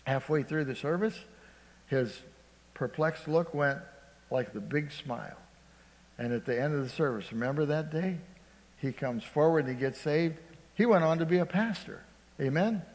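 A man preaching a sermon as pastor, calling out "Amen?" to the congregation and swinging between loud emphasis and hushed storytelling. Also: fairly high pitch, normal speed. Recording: long hall reverb.

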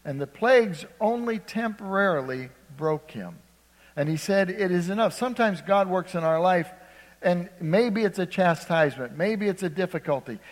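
An older man from Ohio preaching a sermon, shifting between loud emphasis and hushed, conversational storytelling. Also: high-pitched, animated, normal speed, in a large hall. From Ohio, USA.

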